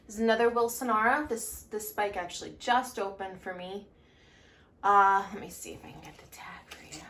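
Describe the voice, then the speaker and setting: A woman's voice: mid-range voice, pushed and bright. A woman whose voice is wearing thin chats her way through a casual tour of her home grow room. She rambles, circles back and fills the gaps with ums. She talks to a handheld camera she keeps moving around. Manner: chatty and rambling, with many fillers and self-corrections. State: losing her voice, clearing her throat. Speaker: orchid grower and vlogger. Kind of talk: casual show-and-tell vlog. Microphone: handheld camera moved around the room.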